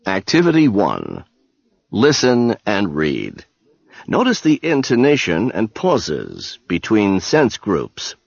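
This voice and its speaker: A man reading the exercise instructions for a language lesson in a measured, announcing way. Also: on the low side, huge pitch swings, gravelly, husky. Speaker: textbook audio narrator. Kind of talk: scripted instructions. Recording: slightly dull dry studio sound.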